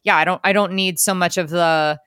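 A young woman co-hosting a casual podcast chat, animated and laughing often, with lots of fillers. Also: lowish voice, a little fast, clear, resonant tone, no room sound, studio quality. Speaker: podcast co-host.

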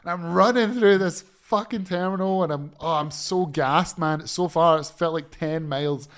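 A man telling a story in casual chat, animated, swearing freely and laughing as he talks. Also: on the high side, normal speed.

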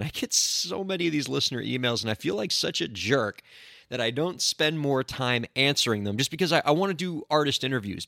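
An animated male podcast host speaks in a bright, lively voice that swings widely in pitch. He is indignant and playfully sarcastic. The close, dry recording has almost no room sound. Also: no room sound. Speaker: podcast host, entertainment lawyer. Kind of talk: solo podcast monologue.

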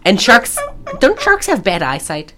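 A woman's voice: medium pitch, a little slow. A woman co-hosting a podcast, recapping a movie in casual chat and acting out the characters' lines as she goes. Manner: animated, acts out quoted lines while recapping. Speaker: podcast co-host.

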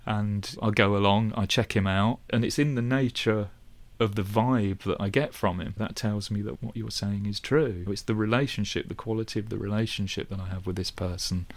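A man's voice: steady tone, moderate pace, few pauses. A man, a guest in a conversation, thinking aloud and pressing his point with rising emphasis. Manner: thoughtful, searching, rising in pitch when emphatic. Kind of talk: conversational discussion.

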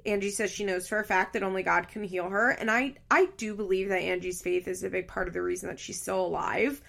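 Blunt, gravelly-voiced woman recapping reality TV. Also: mid-range voice, steady tone, a little fast, a bit bright. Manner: blunt and opinionated, swears often. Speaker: reality TV commentator. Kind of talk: casual recap commentary.

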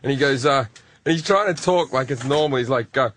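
A man's voice: medium pitch, fairly quick, slight background noise. A man telling crude stories in casual podcast banter, laughing as he goes. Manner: crude, animated storytelling with laughter. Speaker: comedian guest telling stories.

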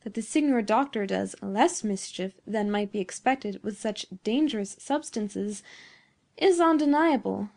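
A woman reading a classic story aloud in a measured, formal narration. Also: medium pitch, gravelly, dark tone. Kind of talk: scripted narration.

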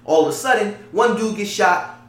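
A man with a slightly higher voice argues his point in loose, animated conversation. He keeps checking that his listener follows him. The room around him rings with a heavy echo. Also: moderate pace. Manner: animated, conversational, often asks "you get what I'm saying?". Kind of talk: casual debate chat. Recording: very echoey room.

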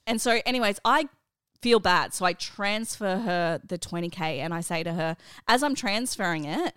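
A woman's voice: medium pitch, normal speed, smooth, no echo, clean studio sound. A woman, co-hosting a chatty podcast and telling a story with exasperated, swearing energy. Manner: animated, exasperated, swears, laughs often. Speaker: podcast co-host and mother. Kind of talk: casual chat, storytelling.

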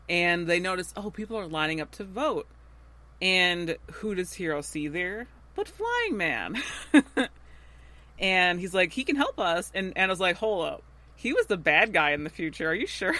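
A woman co-hosting a podcast, recapping a TV episode in casual chat, acting out the characters' lines and laughing often. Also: fairly low pitch. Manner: animated retelling with acted-out quotes and frequent laughs. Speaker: podcast co-host.

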